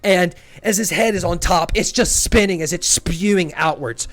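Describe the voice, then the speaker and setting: A man's voice: high-pitched, normal speed, a bit bright, no echo. A man narrating a fantasy tabletop game as game master, describing scenes vividly and in gory detail.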